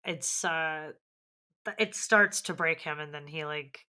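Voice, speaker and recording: A woman's voice: sits low, a little slow, bright, forceful tone, clear, resonant tone. A woman co-hosting a podcast, chatting casually and animatedly about films, swearing and acting out characters' lines. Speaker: podcast co-host. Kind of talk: casual film review chat.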